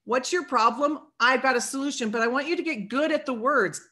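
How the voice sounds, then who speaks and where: A woman in her forties leads her sales team in a motivational talk, bright and forceful in tone. Her voice sits a little high, and she drives her points home like a preacher, acting out bits of sales dialogue along the way. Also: fairly quick.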